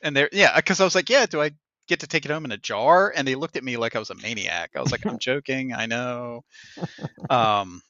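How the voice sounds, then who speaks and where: A man hosting a podcast in casual chat, telling an animated story and acting out what other people said, with laughs along the way. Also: mid-range voice, fairly quick, no room sound, lo-fi sound. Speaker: podcast host.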